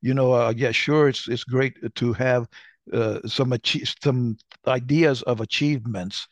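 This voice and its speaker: A man's voice: medium pitch, steady tone, measured pace, no room sound. An older man chatting casually as co-host, telling rambling stories and often restarting his sentences. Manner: rambling, self-correcting storyteller. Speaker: podcast co-host. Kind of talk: casual conversation.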